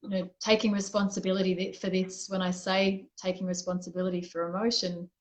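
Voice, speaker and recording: A woman's voice: fairly low pitch, flat delivery, a little fast, low-quality recording. A woman being interviewed as a guest, telling a personal story in a candid, reflective way and often restarting her sentences. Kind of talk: conversational interview.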